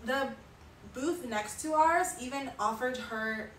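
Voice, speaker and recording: A woman's voice: high voice, slow pace, fairly bright tone. A woman streamer chatting through a story with lots of fillers and sighs. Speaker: artist and streamer. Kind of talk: casual storytelling on a livestream. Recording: roomy sound, mic at a distance, faint noise.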